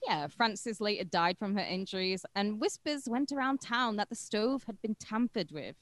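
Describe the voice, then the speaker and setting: A woman's voice: mid-range voice, animated, moderate pace, dry recording. A woman co-hosting a podcast, telling a true-crime story in a casual, irreverent way with crude jokes along the way. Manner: irreverent and crude, joking between facts.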